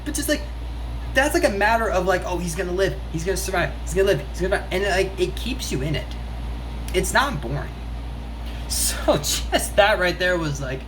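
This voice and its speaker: A reviewer giving a casual, excited recap of a TV episode, talking in loose bursts full of "like" and quick restarts. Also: mid-range voice, background noise. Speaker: show reviewer.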